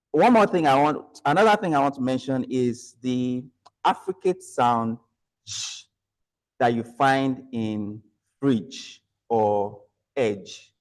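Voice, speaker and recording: A man with a mid-range, darkish voice stands at a lectern giving feedback on a club meeting. He evaluates the proceedings and corrects speakers using rhetorical questions.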